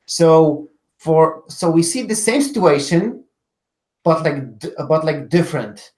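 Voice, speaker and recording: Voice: medium pitch, lively intonation, slow, a little mellow. A tabletop game player describing their character's actions in a rambling way, with many likes. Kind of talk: tabletop role-play. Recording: roomy echo.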